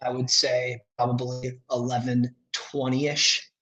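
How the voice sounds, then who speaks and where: A man's voice: mid-range voice, completely flat delivery, slow, pushed and bright, poor audio. Rambling man chatting as a podcast guest. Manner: rambling, many "like" fillers and restarts. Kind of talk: casual podcast chat.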